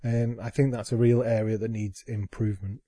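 A man speaks in a measured, slightly hesitant way on a casual podcast. His tone is warm and mellow, recorded close and dry. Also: lowish voice, little pitch movement, no echo. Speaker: podcast co-host. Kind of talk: casual chat.

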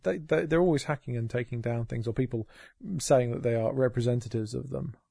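A man on a podcast, talking in a rambling, sweary, sarcastic way. His voice has a gravelly fry and a husky edge. The sound is close and dry, with no room around it. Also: mid-range voice, brisk, warm tone, no room sound. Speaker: podcast co-host. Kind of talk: casual chat.

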